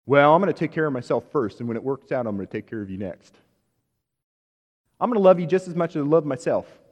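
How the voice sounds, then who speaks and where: A man putting on a quick, self-serving voice with an American Southern accent, playing a self-centered man. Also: on the high side, animated, a little mellow, in a large hall, lo-fi sound. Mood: smug.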